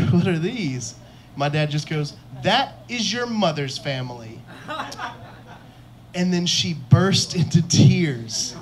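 Young male stand-up comic, slightly high voice, self-mocking and giggly, on a club stage mic. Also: darkish tone. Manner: self-deprecating, chuckles at his own jokes. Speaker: stand-up comedian. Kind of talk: stand-up comedy set.

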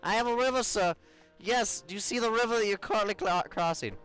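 A young man playing a video game and reacting out loud, swearing, laughing and taunting the enemies. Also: high voice, a little fast, smooth, soft background music. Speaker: gaming YouTuber. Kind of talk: excitable let's play commentary.

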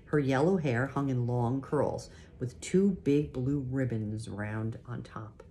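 Very low-voiced woman reading aloud. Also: a little hiss or hum. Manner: gentle, unhurried, shows the pictures. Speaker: reader. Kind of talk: reading a children's book aloud.

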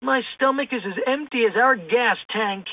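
A woman's voice: moderate pace, no room sound. A woman voicing a jittery, cowardly young man who whines about being hungry, recorded with a tinny sound. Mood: whiny. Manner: whiny, high exclamations.

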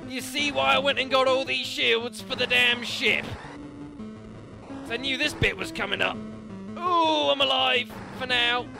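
A man commentating a video game, excitable and self-mocking, yelling at the enemies. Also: very high-pitched, unhurried, gravelly. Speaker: let's play commentator. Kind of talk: gaming commentary. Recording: game music behind the voice.

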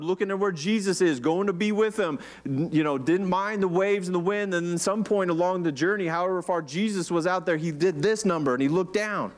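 A man preaching a casual sermon, chatty and joking, with rhetorical questions and many "like"s. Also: high-pitched. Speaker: pastor.

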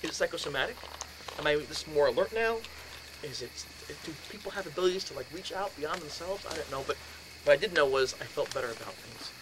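Guy in his 50s spinning a ghost story for a crowd, high voice, acts it all out, lotta room noise. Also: quick pace. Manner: animated, acts out his own past voice with shouts and laughs. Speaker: speaker telling a ghost story. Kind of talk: animated storytelling lecture. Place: lecture in a house. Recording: noisy room recording.

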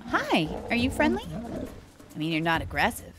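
A young woman commentates a video game in a casual, excitable way, cooing at the animals and swearing when things go wrong. Her voice sits high and swoops widely up and down. Game music plays clearly underneath her. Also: moderate pace. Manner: excitable, talks to animals, swears, sudden loud outbursts. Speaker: let's play gamer. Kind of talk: casual let's play commentary. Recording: game music playing behind the voice.

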